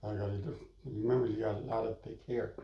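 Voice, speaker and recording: A man from the Philadelphia area who talks softly in short answers while washing hair, heard off-mic. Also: fairly low pitch, steady tone, fairly quick, slight background noise. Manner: soft-spoken, brief answers. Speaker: business partner, hair washer. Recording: roomy, dull sound from off-mic.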